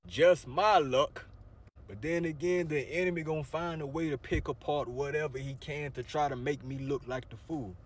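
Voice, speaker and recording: A man telling spiritual war stories from inside his car, animated and preachy, swinging from loud outbursts to low murmurs. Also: normal speed. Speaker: storyteller, spiritual vlogger. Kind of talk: casual storytelling to camera.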